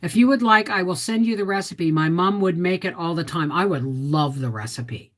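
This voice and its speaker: A woman's voice: fairly low pitch, normal speed, fairly bright tone. A Canadian woman hosting a casual livestream, chatting and reading viewer comments aloud and answering them. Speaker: livestream host.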